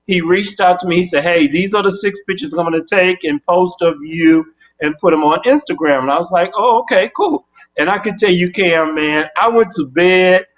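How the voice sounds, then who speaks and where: An older man as the interview guest, telling an animated story and acting out both sides of his phone calls. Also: high-pitched.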